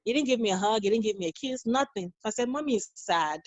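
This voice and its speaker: A woman's voice: on the high side, rapid-fire, darkish tone, dry recording, low-quality recording. A woman in her thirties, a guest on a podcast, talking earnestly and telling stories in a casual interview. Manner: earnest, storytelling, acts out quoted dialogue. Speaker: guest, nurse and mother.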